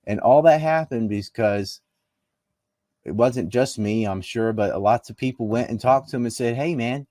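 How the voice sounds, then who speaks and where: A man's voice: lowish voice, mellow, no echo, studio quality. A man from North Carolina, a political commentator in a conversational interview, talking emphatically and firing off rhetorical questions.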